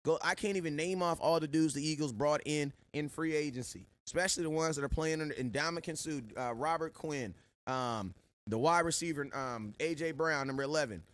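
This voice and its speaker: Animated man giving shout-outs to viewers. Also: a little high, brisk. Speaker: sports show host. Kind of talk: live-stream chat.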